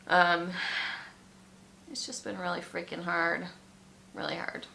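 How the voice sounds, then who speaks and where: Tearful woman with a gravelly, bright voice. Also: fairly low pitch, flat delivery, a little hiss or hum. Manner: emotional, tearful, halting with many ums. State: fighting back tears. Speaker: vlogger. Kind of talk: personal vlog confession.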